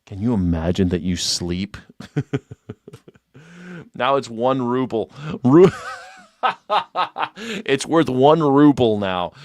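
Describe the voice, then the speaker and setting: A sarcastic man hosting a live stream, mocking and laughing between his lines. His pitch sits in the middle for a man, and the sound is dry and close. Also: takes it slowly, pauses often, no echo.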